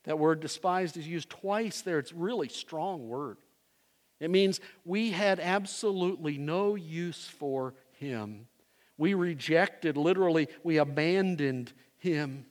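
Male pastor, high voice, slow deliberate sermon delivery, long church reverb. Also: animated. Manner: dynamic preaching, swinging from loud emphasis to hushed low phrases.

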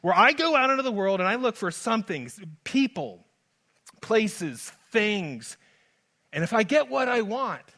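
A man preaching a sermon as pastor, moving from hushed lines to loud, urgent ones. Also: high voice, big pitch swings, unhurried. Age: adult father. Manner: dynamic preaching, swings from soft to loud.

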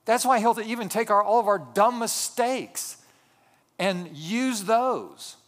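A man preaches a sermon from the pulpit, his voice sitting a little high. He tells his stories in a conversational way and often turns to the congregation with asides and questions. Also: slow pace, fairly bright tone. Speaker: pastor.

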